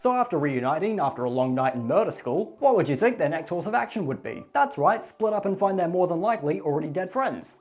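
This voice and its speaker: A woman YouTuber giving a comedic recap, full of sarcastic, crude, deadpan jokes. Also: low-pitched. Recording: faint background music.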